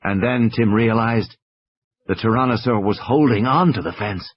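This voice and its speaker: A man's voice: fairly low pitch, moderate pace, breathy edge, no echo. A man reading a story aloud with dramatic narration. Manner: dramatic, with tense swings in pace. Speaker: audiobook reader. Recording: dull lo-fi audio.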